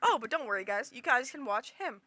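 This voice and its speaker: Woman streamer, bright voice, loose rambling chatter with giggles. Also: a little high, lively intonation, brisk. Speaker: livestreamer. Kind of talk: casual chat with stream viewers.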